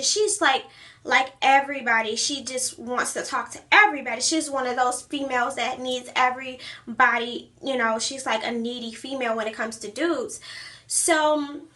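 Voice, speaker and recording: A woman's voice: high voice, bright, forceful tone. A young woman chatting through a storytime vlog, retelling events with lots of fillers.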